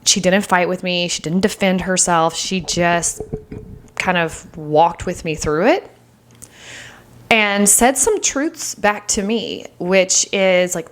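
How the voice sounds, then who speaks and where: A middle-aged woman with a somewhat low voice speaks earnestly into a close podcast mic. She rambles openly through a personal reflection, leaning on "like" as she goes. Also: animated, slow. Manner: earnest and open, rambling with many "like"s. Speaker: podcast host.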